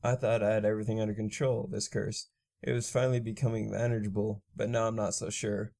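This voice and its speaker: A man's voice: on the low side, flat delivery, quick pace, creaky, mellow. A man voicing a brash young vampire mare. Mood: subdued. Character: young female vampire pony, brash and laid-back.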